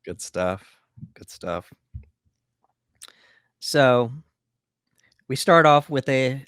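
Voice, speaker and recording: A man's voice: fairly low pitch, no echo, studio quality. Laid-back man chatting about a movie. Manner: laid-back, many fillers. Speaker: podcast co-host. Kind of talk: casual movie breakdown chat.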